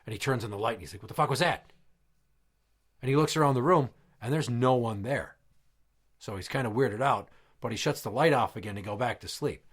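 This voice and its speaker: A man's voice: medium pitch, brisk, breathy edge. A man hosting a comedy podcast, telling crude old jokes in character as an exasperated, foul-mouthed dad. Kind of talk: comedic joke-telling skit.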